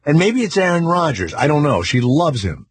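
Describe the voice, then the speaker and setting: Brash, crude-joking talk radio host. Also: male voice, fairly high pitch, big pitch swings, normal speed, slightly rough. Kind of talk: casual talk radio chat with callers.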